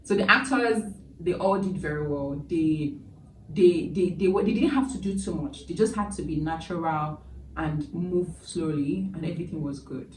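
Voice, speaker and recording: A woman chatting through a movie review in a casual, emotional way, with lively asides. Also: low-pitched, normal speed. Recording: echoey room, distant mic, background noise.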